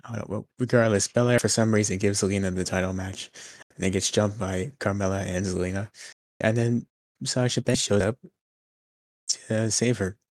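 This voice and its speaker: A young man with a low voice walks through a wrestling recap, dry and deadpan as he keeps the chat on track. His voice sits close and dry, with no room sound. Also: normal speed, no echo. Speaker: podcast co-host.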